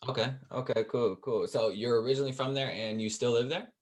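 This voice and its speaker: A man's voice: medium pitch, a little fast. A man hosting a podcast, sounding a little tired, chatting casually and repeating his words. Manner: relaxed, repeats words, laughs often. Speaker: podcast host.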